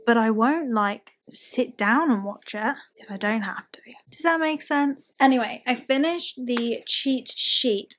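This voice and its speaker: A woman's voice: on the high side, a bit bright. A young adult woman, chatting casually in a vlog, rambling and poking fun at herself. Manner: self-deprecating, rambling, thinks aloud. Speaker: book vlogger.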